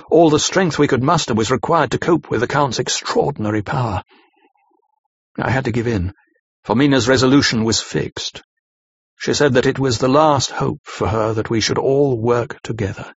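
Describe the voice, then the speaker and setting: A man narrating a classic novel aloud in a steady, grave storytelling manner, on a slightly muffled dry recording. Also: mid-range voice, husky, dry recording. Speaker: audiobook narrator.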